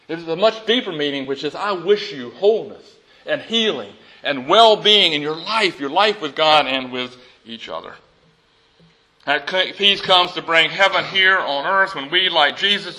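A male pastor delivers a sermon in a high, forceful voice. He reads scripture aloud and preaches with animated energy. He jokes easily with his congregation. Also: poor audio.

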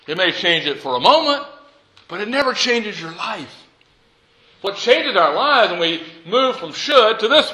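Bright-voiced preacher. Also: male voice, high voice, low-quality recording. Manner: animated, conversational preaching, asks the congregation questions. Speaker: pastor. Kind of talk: sermon. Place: church.

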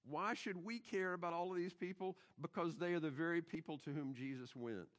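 A middle-aged man preaching in a church, his voice sitting a little high for a man. He delivers the sermon emphatically and keeps turning to the congregation with rhetorical questions. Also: brisk, a bit bright. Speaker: pastor. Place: church sanctuary.

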